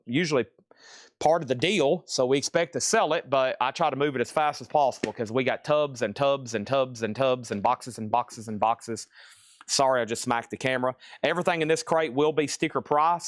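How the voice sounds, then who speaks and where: A man's voice: mid-range voice, no echo, clean studio sound. A man hosting a live record sale, talking in a casual, rambling, chatty way. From Tennessee. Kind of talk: live sales stream.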